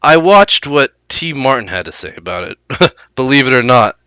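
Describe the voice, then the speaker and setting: A man's voice: mid-range voice, very animated, moderate pace, sharp tone, clean tone, dry recording. A man hosting a gaming video in casual commentary, sarcastic and offhand about himself. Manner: sarcastic, offhand, self-deprecating.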